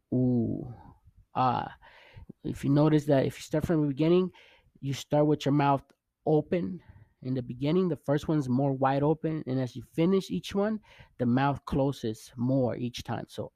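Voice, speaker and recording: A man teaches in an unhurried, patient way, repeating each sound and gently encouraging the learner. His voice has a gravelly, mellow edge. The recording is dry and close, with no room around it. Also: mid-range voice, dry recording. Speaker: Spanish teacher. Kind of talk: casual spoken lesson.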